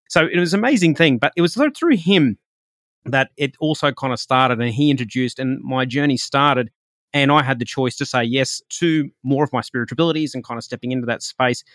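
A man's voice: medium pitch, a bit bright, no echo, clean studio sound. Chatty man telling a story. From Australia. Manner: chatty, rambling, many fillers and restarts. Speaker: podcast host and spiritual reader. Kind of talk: solo podcast storytelling.

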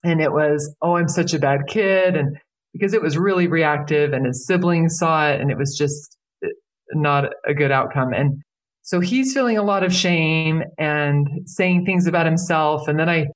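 A middle-aged woman speaking as a guest, talking earnestly about parenting in casual conversation with animated emphasis. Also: deep voice, moderate pace. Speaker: podcast guest, parenting expert.

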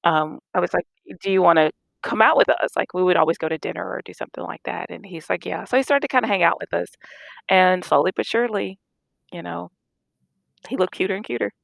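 A middle-aged woman doctor casually recounting stories in an interview, animated and laughing as she acts out dialogue. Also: fairly low pitch, fast talker, creaky, dry recording. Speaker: guest, physician.

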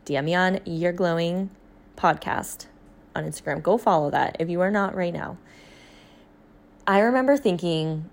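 A woman in her thirties hosts her podcast alone, chatty and animated. She laughs often and keeps breaking off into quick asides. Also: on the low side. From Florida. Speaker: podcast host. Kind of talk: casual solo podcast chat.

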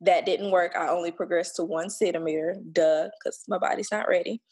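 Husky-voiced woman telling a blunt story. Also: fairly low pitch, steady tone, a little fast, darkish tone. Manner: blunt and emphatic, swears, acts out what others said. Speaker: podcast guest sharing her birth story. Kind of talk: casual storytelling.

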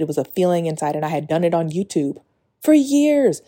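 A woman's voice: fairly low pitch, very animated, brisk, mellow. A woman hosting a solo spiritual podcast, reading a passage and then talking earnestly and confessionally, with many "like" fillers. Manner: reads a passage, then speaks off the cuff. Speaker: podcast host.

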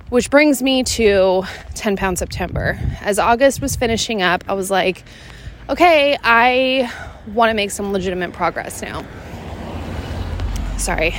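A woman from Seattle records her podcast while out on an evening walk, a little short of breath as she goes. She chats casually and rambles, dropping "like" into almost every thought. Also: mid-range voice. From Seattle, Washington, USA. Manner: chatty, rambling, many "like" fillers. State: slightly out of breath. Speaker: podcast host and fitness coach. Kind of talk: casual solo podcast chat.

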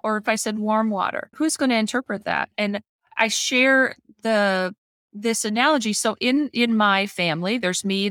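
A middle-aged woman who trains dogs talks through her method in a relaxed podcast conversation. She leans on homely everyday comparisons to make a point. Her voice sits in an ordinary middle pitch, recorded close and dry. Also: clean tone, dry recording. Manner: explains with homely analogies, acts out family voices. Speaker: dog trainer. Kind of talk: casual podcast discussion.

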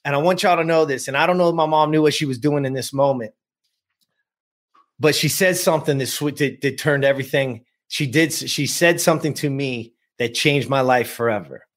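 A man's voice: mid-range voice, fairly quick. A man in his fifties from the US West Coast, a coach telling a personal story with emphasis and speaking straight to his listeners. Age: 50s. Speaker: guest, productivity coach.

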